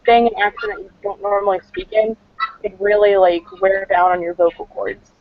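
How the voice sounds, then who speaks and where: A woman's voice: medium pitch, steady tone, moderate pace, no room sound. A chatty woman cosplayer talks through her answers, rambling a little and leaning on fillers. The sound is muffled and lo-fi, dry, with no room around it. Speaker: cosplayer guest. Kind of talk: casual interview answers. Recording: dull lo-fi dry recording.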